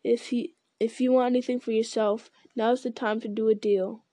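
A woman's voice: on the high side, level tone, normal speed, dark tone, dry recording, close to an everyday voice. A woman voicing a bold, cool-headed young hobbit. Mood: cool, bargaining.

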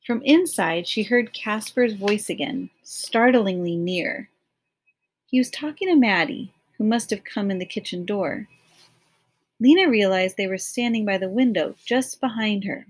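A woman narrating an audiobook chapter in a measured, expressive storytelling manner. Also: medium pitch. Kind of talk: audiobook reading of a novel.

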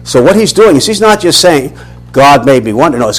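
A man's voice: mid-range voice, moderate pace, slightly rough, low-quality recording. A man, teaching a Bible lesson as a sermon, questioning and restarting often. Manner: animated, questioning, many restarts.

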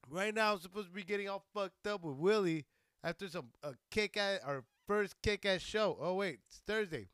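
A man from near El Paso, Texas, in a profane, rambling comic monologue, crude and animated. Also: high voice, normal speed, clean tone, no echo. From Socorro, Texas, near El Paso. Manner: rambling, crude and animated, laughing at his own jokes. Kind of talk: profane stand-up style monologue.

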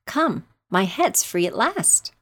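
A woman's voice: medium pitch, very animated, moderate pace. A woman voicing a polite, bewildered little girl who protests earnestly and gets flustered, in a storybook reading.

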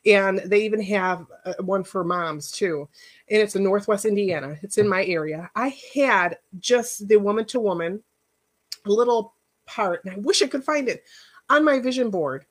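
A woman's voice: mid-range voice, moderate pace. A middle-aged woman, a life coach, giving a casual workshop talk in a chatty, personal storytelling way with rambling asides.

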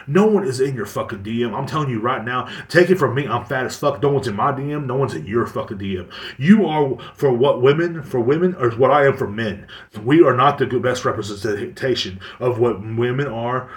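A man's voice: medium pitch, recorded from a distance. A man hosting a podcast, ranting in a casual, profane, blunt and rambling way. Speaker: podcast host. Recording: roomy echo, away from the mic.

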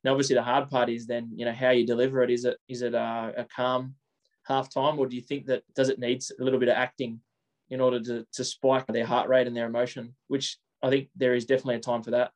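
A man, a coach answering interview questions in quick runs with frequent repeated words. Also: mid-range voice, level tone.

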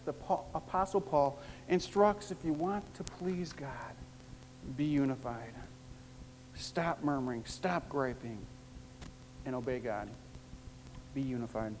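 A pastor preaching a sermon, emphatic and repetitive, with wide swings in pitch and loudness. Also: expressive, measured pace. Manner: emphatic, repeats key phrases, big swings in pitch and loudness. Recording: long hall reverb with faint noise.

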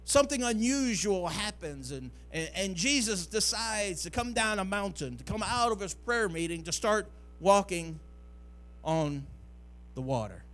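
A man's voice: high-pitched, animated, a little slow, a bit bright. A male pastor, preaching a sermon that builds to near-singing climaxes.

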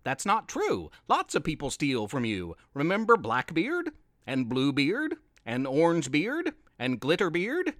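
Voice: medium pitch, huge pitch swings, unhurried, fairly bright tone, no room sound, studio quality, pitched below the performer's own voice. A storyteller voicing a cheeky male parrot who talks back at his old captain.

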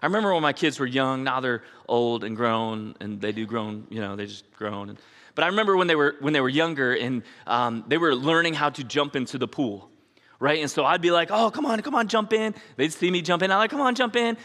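A man's voice: mid-range voice, expressive, fairly quick, a bit bright. A middle-aged man preaching a sermon as pastor, telling stories animatedly, acting out voices and asking the congregation questions. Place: church sanctuary. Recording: long hall reverb.

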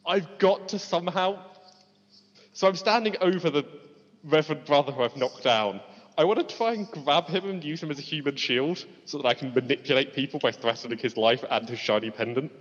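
A man's voice: on the high side, brisk, husky. Playful man at a tabletop game. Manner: playful, gleeful. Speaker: player. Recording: dull roomy recording with long reverb.

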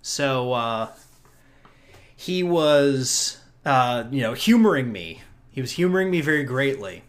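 A man's voice: medium pitch, big pitch swings, slow pace. A man hosting a podcast, chatting casually and rambling, often laughing and restarting his sentences. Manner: rambling, chuckling, frequent restarts. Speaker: podcast host. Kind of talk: casual chat recapping a convention.

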